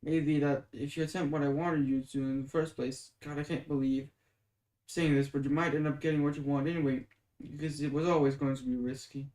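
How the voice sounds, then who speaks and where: A determined young woman, as a reader puts her on for a webcomic reading, apologetic yet urgent as she coaxes and consoles. Her voice sits a little higher than the reader's own. The room adds a roomy echo. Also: level tone, a little fast, mellow, lightly acted. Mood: coaxing.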